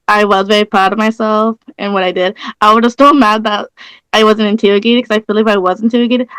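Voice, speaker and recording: A woman's voice: medium pitch, a bit bright, clear, resonant tone, no echo, poor audio. A young woman, a reality show contestant, chatting casually at a reunion and retelling events with acted-out quotes.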